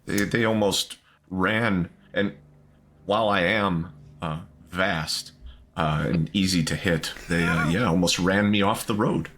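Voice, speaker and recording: Deep-voiced hesitant tabletop player. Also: male voice, a bit bright. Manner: hesitant, full of ums and halting restarts. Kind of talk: playing a character in a tabletop game.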